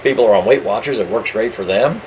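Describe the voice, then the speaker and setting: A middle-aged man chatting casually as a podcast co-host, telling rambling stories and getting animated when he quotes other people. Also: on the low side, fast, background noise. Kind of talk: casual chat.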